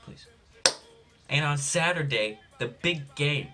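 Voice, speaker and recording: Young guy doing a sports vlog, deadpan and rambly, mid pitch, faint music behind. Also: measured pace. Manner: deadpan, rambling, self-mocking asides. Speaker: sports vlogger. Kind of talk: jokey sports preview monologue.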